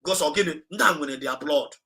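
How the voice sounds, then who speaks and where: A man's voice: a little high, fast, vocal fry, pushed and bright, poor audio. A man with a Nigerian accent hosting a livestream, speaking urgently and repetitively, mixing Igbo and English mid-sentence as he exhorts his listeners. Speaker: activist livestream host. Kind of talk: impassioned livestream address.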